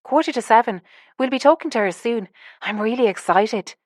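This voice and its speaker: A woman narrator voicing an eager, excitable young woman in an audiobook. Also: a little high, moderate pace, dry recording, studio quality, voice pushed up.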